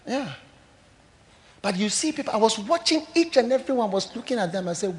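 A male pastor with a high-sitting, animated voice preaches a sermon a little fast, telling stories. He swings between loud declarations and hushed asides.

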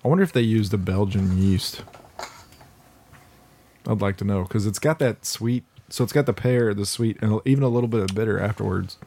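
A man with a low, mellow voice talks loosely in casual podcast banter. He rambles, jokes and laughs easily as he tastes a drink. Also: moderate pace. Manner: joking, rambling, laughs often. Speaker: podcast co-host. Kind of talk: casual chat while tasting beer.

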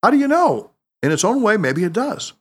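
A man reading the lines of a wise, playful male mentor in an audiobook, teasing and gently insistent. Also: sits high, big pitch swings, moderate pace, slightly rough, voice pushed up, exaggerated voice.

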